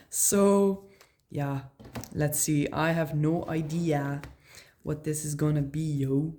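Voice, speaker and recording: A woman's voice: deep voice, fairly even intonation, unhurried, slight background noise. A woman giving a casual tarot reading, musing aloud in slang and laughing often. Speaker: tarot reader.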